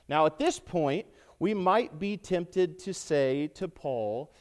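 Animated preaching man, slightly high voice. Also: unhurried, hardly any pauses. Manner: animated preaching, dramatizes quoted lines with rising emphasis. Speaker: priest. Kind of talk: sermon. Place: church.

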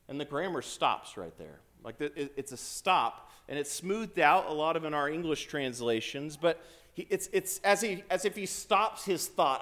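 Animated preaching man, slightly high voice. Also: normal speed. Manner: animated preaching, dramatizes quoted lines with rising emphasis. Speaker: priest. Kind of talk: sermon. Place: church.

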